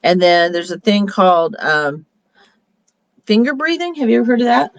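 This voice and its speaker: A woman's voice: medium pitch, big pitch swings, normal speed, no room sound. A woman beauty consultant giving a casual motivational talk in a chatty, upbeat way, with rambling restarts. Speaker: beauty consultant leading a meeting.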